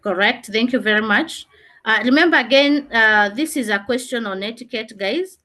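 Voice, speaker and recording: A female teacher leads a classroom revision lesson, stressing key phrases, repeating herself and often pausing on "uh". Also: fairly high pitch, sharp tone. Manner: emphatic, repeats key phrases with frequent "uh" fillers. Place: classroom with students.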